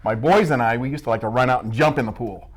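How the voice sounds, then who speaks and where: A man's voice: medium pitch, quick pace. A middle-aged man from Iowa, answering interview questions in a casual, joking way and teasing himself as he tells stories. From Midwest US, Iowa. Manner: joking, self-mocking storyteller. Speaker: school staff member being interviewed.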